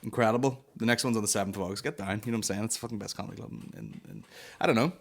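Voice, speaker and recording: A Northern Irish comedy podcast host races through a casual monologue in a lowish voice with vocal fry. He tells rambling, sweary stories and switches into put-on voices.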